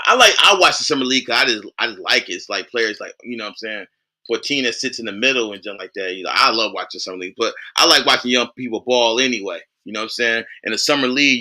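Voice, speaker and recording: A man's voice: mid-range voice, bright, forceful tone. A man vlogging about basketball in a loose, casual way, full of fillers and boastful trash talk. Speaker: sports vlogger.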